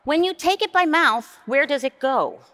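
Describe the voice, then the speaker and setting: Wry, lively woman lecturing. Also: moderate pace. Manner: conversational and wry, with sudden high jumps in pitch. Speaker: nurse researcher giving a plenary lecture. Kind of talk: conference lecture.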